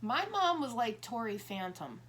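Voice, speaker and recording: A woman's voice: a little high, sing-song, measured pace, fairly bright tone, slightly rough. A woman in her fifties talking in a rambling, self-interrupting way, acting out little dialogues as she explains. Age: 50s. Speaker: tarot reader. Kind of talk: casual monologue.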